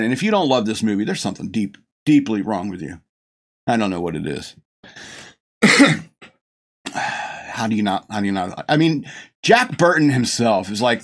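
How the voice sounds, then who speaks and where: A middle-aged man hosting a show, rambling casually and chuckling often as he gushes about a film. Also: medium pitch. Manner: gushing, chuckling often, many restarts. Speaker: podcast host reviewing a film.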